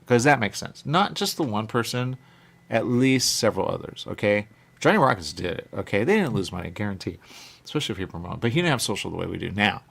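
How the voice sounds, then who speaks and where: A man's voice: on the low side, very animated, fast talker, vocal fry, a bit bright. A man hosting a talk radio show, chatting casually in a rambling way and often checking in with "okay?". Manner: chatty, keeps saying "okay?" and "there you go".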